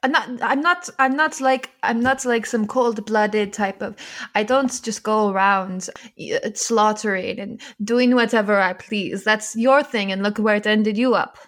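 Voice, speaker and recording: A woman's voice: mid-range voice, steady tone, unhurried. A woman playing a tabletop game, sassy and indignant, swearing freely. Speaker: player. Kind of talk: tabletop role-play.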